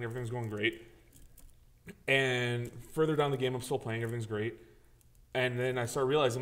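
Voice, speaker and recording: A man co-hosting a casual gaming podcast, telling a story with lots of swearing and acted-out reactions. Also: medium pitch. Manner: animated storyteller, swears freely, acts out his own reactions. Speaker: podcast co-host.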